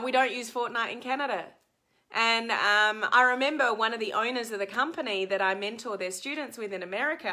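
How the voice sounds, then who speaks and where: Bright chatty Australian woman. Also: a little high. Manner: chatty, answers viewer comments, frequent ums. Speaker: social media coach. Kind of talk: live-stream talk to viewers.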